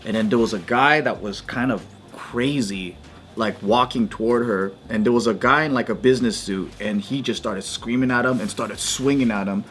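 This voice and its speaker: A man co-hosting a casual podcast, telling a story in an animated way, swearing freely and acting out the shouts. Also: on the low side, normal speed, a little hiss or hum. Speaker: podcast co-host.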